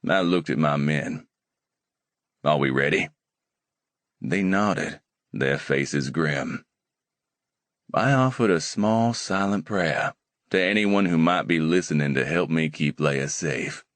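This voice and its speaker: A man narrating a romance audiobook in the first person, steady and measured. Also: a bass voice, no room sound.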